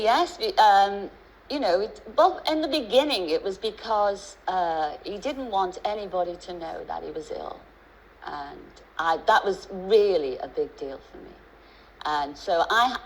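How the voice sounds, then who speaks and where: A woman's voice: mid-range voice, expressive, moderate pace, low-quality recording. A middle-aged woman with a Liverpool accent, a chat-show guest who talks in a chatty, storytelling way with many restarts and asides.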